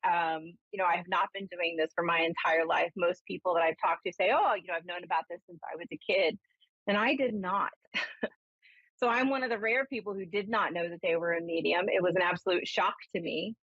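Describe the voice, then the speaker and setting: A woman from Ohio, a spiritualist minister and psychic medium, telling a story and giving readings on a call-in show in a chatty, animated way with many fillers. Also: lowish voice, no echo, dull audio.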